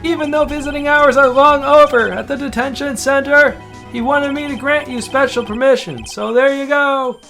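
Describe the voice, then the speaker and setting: A woman voicing an eager young male police officer who talks loudly and brags about his mascot in a fan dub of a game. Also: sits high, lively intonation, normal speed, soft background music, voice pushed up. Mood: boastful. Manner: loud and chatty, bragging about his mascot.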